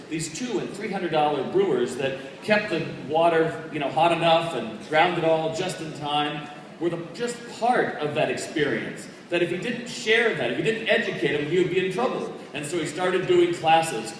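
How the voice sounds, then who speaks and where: A man giving an energetic, conversational motivational speech, telling a story to an audience. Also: fairly high pitch, normal speed, a little hiss or hum. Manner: energetic, punchy, conversational delivery. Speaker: keynote speaker. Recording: distant echoey hall recording.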